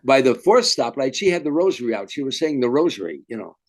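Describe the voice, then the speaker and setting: An older man, a veteran comedian, telling lively anecdotes in an interview and acting out the voices of people in his stories. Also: mid-range voice, quick pace. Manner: animated storyteller, acts out quotes. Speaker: guest comedian. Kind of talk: storytelling interview.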